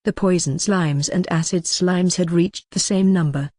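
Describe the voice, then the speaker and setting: A woman narrating a light novel audiobook in the first person with steady, measured reading. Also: lowish voice, no echo, clean studio sound.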